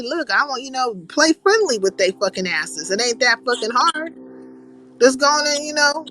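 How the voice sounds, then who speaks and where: A woman's voice: on the high side, a bit bright. A woman hosting a casual livestream chat, blunt and profane, reading out viewer comments and giving her opinion. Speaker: livestream host.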